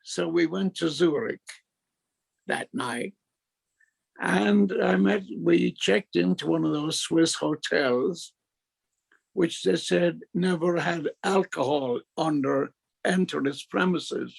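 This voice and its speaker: Older Irish male author, raised-pitch gravelly storyteller, meandering delivery. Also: steady tone, slow. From Ireland. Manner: rambling, full of fillers and restarts, chuckling. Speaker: author at a talk. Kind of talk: anecdotal storytelling.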